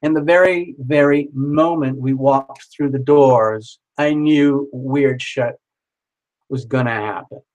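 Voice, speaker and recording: A man telling a personal story in a casual, animated way, swearing freely and acting out the other people in it. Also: medium pitch, slow pace, dull audio. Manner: animated, swears casually, acts out quoted voices.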